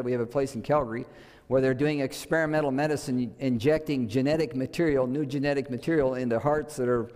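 A man's voice: mid-range voice, a little mellow. A man preaching a sermon in a church, conversational and full of rhetorical questions to the congregation. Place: church sanctuary. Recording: long hall reverb.

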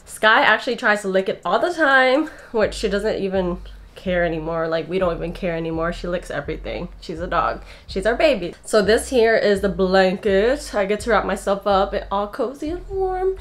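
A woman's voice: mid-range voice, normal speed. A woman in her twenties, a vlogger doing a casual gift show-and-tell at home, chatty and gushing with frequent giggles, sounding out of breath. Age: 20s. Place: home bedroom.

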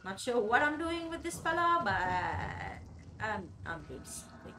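A woman giving chatty, excitable let's-play commentary, swearing now and then and talking to the characters on screen. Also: fairly high pitch, unhurried, distant mic, slight background noise. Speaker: gaming video creator.

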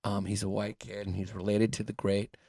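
A man co-hosting a comedy podcast, riffing crudely on listener names with mocking, loud delivery. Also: lowish voice, little pitch movement, fairly quick, creaky, no echo, clean studio sound. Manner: crude, mocking, slips into put-on voices. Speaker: podcast co-host.

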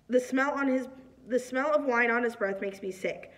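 A woman reading a novel aloud, in a plain, steady way with a few small slips. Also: a little high, normal speed, recorded from a distance. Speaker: reader.

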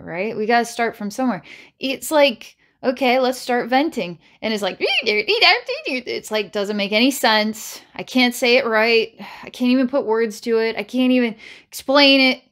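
A woman's voice: fairly high pitch, a bit bright. Rambling, repetitive woman doing a psychic reading. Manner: rambling, repeats phrases, restarts, bursts of laughter; dramatic, challenging and coaxing. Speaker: psychic reader. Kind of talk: channelled psychic reading to camera.

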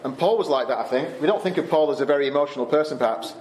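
A man's voice: a little high, rapid-fire, a little mellow, roomy sound, a little hiss or hum. Man giving a casual Bible talk. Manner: conversational, with fillers and restarts. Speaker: camp speaker. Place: Canada.

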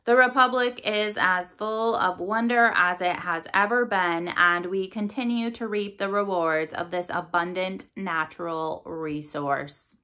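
A little man of a spokesman, soft-spoken and evasive, prone to stammering under pressure, as a woman reads him. His voice comes out bright and a little raised, in storybook style. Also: lowish voice, a little slow. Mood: defensive. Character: nervous soft-spoken male company spokesman. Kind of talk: storybook read-aloud.

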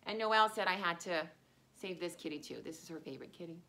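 A woman's voice: lowish voice, fast talker, bright, forceful tone. A woman teaching young children in a playful, sing-song way, chanting songs and acting out sounds. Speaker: home daycare teacher. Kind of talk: children's lesson with sung chants.

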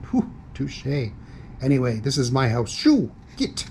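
A man voicing a fussy, easily rattled cartoon ghost, shrill and whiny and quick to take offense. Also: sing-song, gravelly, a little mellow, slight background noise. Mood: indignant.

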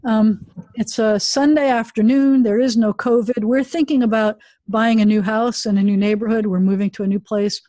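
A woman's voice: fairly high pitch, steady tone, moderate pace, warm tone, no room sound. A woman rabbi teaching a Hebrew class over a video call, chatty and self-deprecating.

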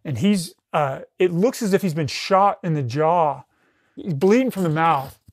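Intense, profane middle-aged man, higher voice. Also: unhurried, dry recording, studio quality. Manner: intense, heavy swearing, frequent restarts. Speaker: podcast guest, retired military rescue specialist. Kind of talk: recounting a combat story in casual conversation.

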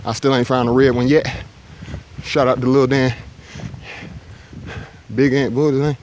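In this casual hiking vlog, a thru-hiker talks as he makes his way up a forested mountain ridge, slightly out of breath, chatty, relaxed, and joking around. His mid-range voice shows little pitch movement, comes at a normal speed, and sounds a little mellow, with a little hiss or hum.

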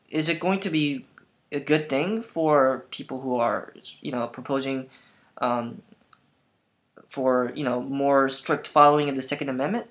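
A man's voice: fairly high pitch, fairly bright tone. Hesitant young man musing to a laptop. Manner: hesitant, many ums and restarts. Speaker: vlogger. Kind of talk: casual opinion monologue. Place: at home in front of a laptop. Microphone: laptop camera mic.

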